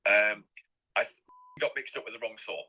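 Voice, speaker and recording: A man's voice: on the low side, moderate pace, sharp tone, slightly rough, low-quality recording. A middle-aged man from England, rambling and repeating himself as an interview guest. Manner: rambling and repetitive.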